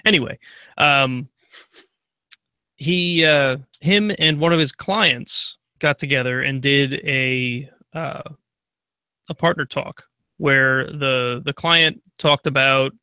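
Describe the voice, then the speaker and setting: A man's voice: mid-range voice, slow pace, pushed and bright, clean tone, no room sound, studio quality. A man co-hosting a casual tech podcast, telling rambling stories and laughing often. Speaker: podcast co-host. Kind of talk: casual chat.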